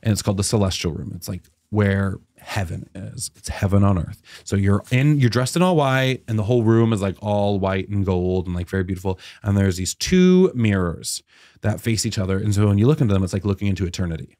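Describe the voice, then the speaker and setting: A man around thirty, a comedian telling a personal story in casual chat, animated and full of "like" fillers. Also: brisk, no room sound, studio quality. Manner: animated, many "like" fillers, acts out quotes in a high voice. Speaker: guest comedian.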